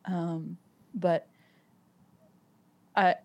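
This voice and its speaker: A woman's voice: on the low side, little pitch movement, extremely slow, muffled recording. A woman who is a parent and a podcast guest, talking reflectively in casual conversation, with lots of "um" and "like" and frequent restarts. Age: adult with children.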